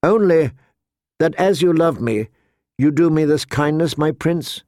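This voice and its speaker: A man's voice: on the high side, measured pace, darkish tone, no echo, studio quality, voice pushed up, close to an everyday voice. A man voicing an earnest, naive teenage noble girl pleading for mercy in an audiobook reading. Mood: hopeful.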